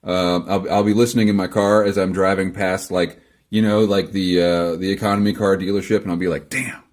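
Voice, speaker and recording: This low, slightly mellow male voice comes with a flat, brisk delivery. He's recorded in his home garage, casually talking to camera as he works through viewer comments, rambling with sarcastic, dry remarks and jokes at his own expense.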